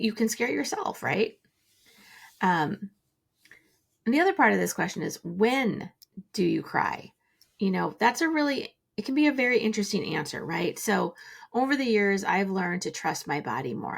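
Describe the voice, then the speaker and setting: A woman hosting a reflective solo talk, speaking gently and musingly with many fillers. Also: mid-range voice, gravelly. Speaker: podcast host.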